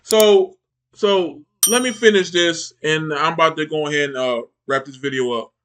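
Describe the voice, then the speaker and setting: A man's voice: a little high, normal speed, fairly bright tone. A man hosting a reaction channel, giving heated, mocking commentary with lots of repetition.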